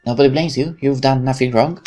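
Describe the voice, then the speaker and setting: A man doing a soft, motherly young woman. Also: medium pitch, brisk, faint music behind, lightly acted. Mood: tender. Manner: soft, comforting.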